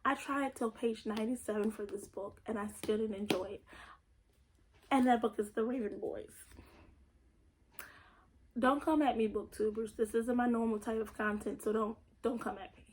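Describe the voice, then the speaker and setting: A young woman talks through a casual book haul in a chatty, blunt way, tossing in the odd swear word. Her voice sits a little high. A faint hiss of noise runs under the recording. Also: fairly even intonation, normal speed, long pauses, low-quality recording. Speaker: vlogger.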